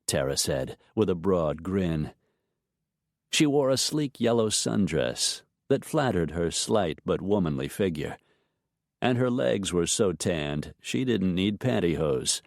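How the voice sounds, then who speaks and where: A man's voice: low-pitched, lively intonation, unhurried, dry recording, clean studio sound. A man narrating an audiobook romance in scripted storytelling style.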